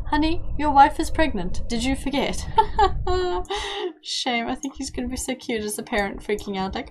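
A woman's voice: fairly high pitch, lively intonation, normal speed, slight background noise, poor audio. A young woman giving chatty let's-play commentary, coaxing and giggling as she talks to her game characters. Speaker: game streamer.

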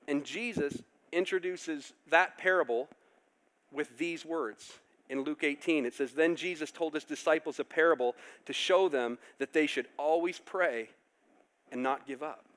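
A male pastor preaching a sermon, animated, acting out characters with loud outbursts. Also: on the high side, normal speed.

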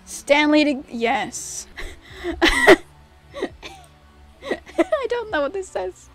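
Young woman gamer talking to chat, high voice, slow and drawn-out, faint music behind. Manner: expressive, swings between mumbling and shrieking in frustration; reads chat questions aloud and answers. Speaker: game streamer. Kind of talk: casual gameplay commentary to chat.

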